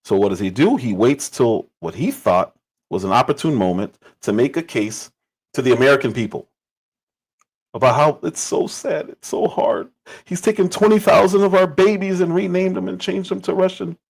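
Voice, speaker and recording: An animated man giving political commentary. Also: a little high, moderate pace, creaky, slightly rough, low-quality recording. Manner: emphatic, repeats phrases for stress. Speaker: livestream commentator.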